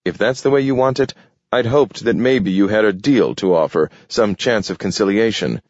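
A man's voice: lowish voice, moderate pace, no echo, natural voice. A man voicing Webster, clipped and grim. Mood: sharp. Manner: clipped, grim and increasingly heated. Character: sharp, tense older human leader Webster. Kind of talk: audiobook character voice. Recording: dull, dry studio read.

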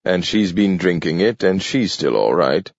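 Male narrator doing a deferential storybook robot butler, deep voice, dry, dull audio. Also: animated, moderate pace, gravelly, dry recording, full character voice. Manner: formal, deferential. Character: polite male household robot servant.

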